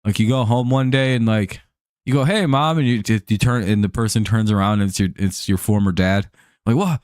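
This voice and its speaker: A man's voice: lowish voice, level tone, fairly quick, darkish tone, clean tone, dry recording. A man hosting a live stream, chatting casually over a baseball game, laid-back and joking, with casual swearing.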